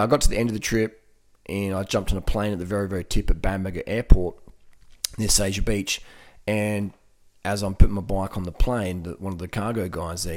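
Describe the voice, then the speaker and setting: A man with an Australian accent talking casually and motivationally, often repeating words and laughing. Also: low voice. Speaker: vegan cycling advocate.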